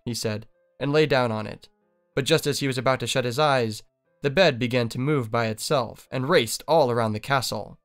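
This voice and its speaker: Male audiobook narrator, steady fairy tale storytelling, resonant and clear, mid pitch. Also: moderate pace, soft background music.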